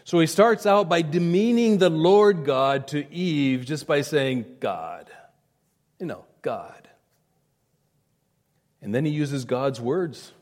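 A male pastor delivers an emphatic sermon, driving points home with repetition and direct appeals. His voice sits fairly high and rings through the long reverb of a large hall. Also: measured pace, hardly any pauses, darkish tone. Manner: emphatic, repetitive preaching, direct address to listeners.

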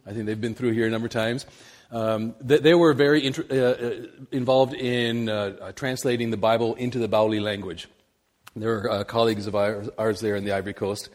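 Man preaching a halting, animated story. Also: fairly low pitch. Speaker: missionary preacher. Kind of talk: sermon with a personal story.

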